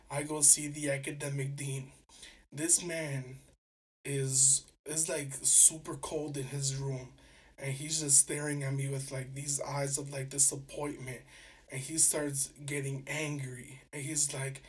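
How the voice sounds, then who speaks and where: A man's voice: mid-range voice, steady tone, a little slow, distant mic. A young man from New York City, hosting a podcast and animatedly retelling a story, acting out both sides of the conversation. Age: young adult. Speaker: podcast host. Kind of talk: casual storytelling.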